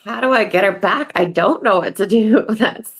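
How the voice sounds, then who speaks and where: A woman talking as a guest on a video call, speaking haltingly and often trailing off. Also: mid-range voice, a little hiss or hum. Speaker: guest sharing her story. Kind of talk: emotional video call discussion.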